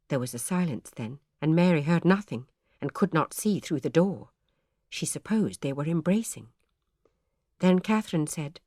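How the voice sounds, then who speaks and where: A woman narrating a historical novel in measured, old-fashioned storytelling speech, close to the microphone. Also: sits low, animated, a little mellow, no echo. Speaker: audiobook narrator.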